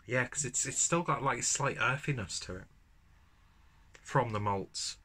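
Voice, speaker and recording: Chatty man with a bright voice. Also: medium pitch, unhurried, husky. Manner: chatty, rambling, swears casually. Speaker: beer reviewer. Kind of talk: casual beer review to camera. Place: at home, indoors. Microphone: camera mic.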